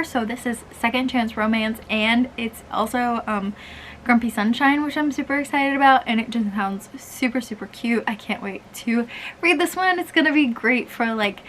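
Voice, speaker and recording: Young female vlogger, higher voice, chatty and gushing, lots of fillers. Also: fairly bright tone, slight background noise. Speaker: book vlogger. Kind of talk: casual chat.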